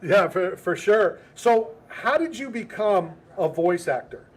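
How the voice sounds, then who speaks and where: A man's voice: high voice, expressive, a little slow, husky. A man interviewing a guest, asking friendly, curious questions in a casual chat.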